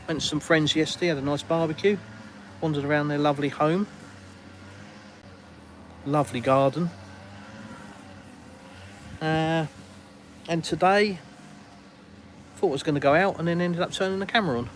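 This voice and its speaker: A man's voice: a little high, normal speed, pauses often, slight background noise, rough recording. An English man hosting a casual live stream outdoors in a garden, rambling and colloquial as he reads viewers' comments aloud. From England.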